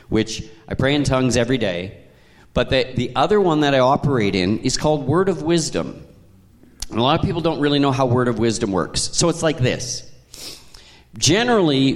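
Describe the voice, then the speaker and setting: Pastor preaching in a reverberant church. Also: male voice, mid-range voice. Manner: conversational storytelling with chuckles. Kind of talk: sermon. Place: church sanctuary. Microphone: handheld microphone. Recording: long hall reverb.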